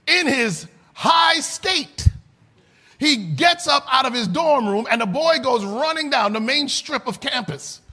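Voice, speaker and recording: Male preacher, high husky voice, sermon delivery with shouted, sing-song peaks. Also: expressive, measured pace.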